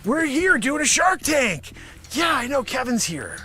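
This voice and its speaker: A man doing an improvised comedy monologue, rambling and animated, sometimes shouting. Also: very high-pitched, a little slow, faint music behind. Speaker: comedian host. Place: home studio with green screen.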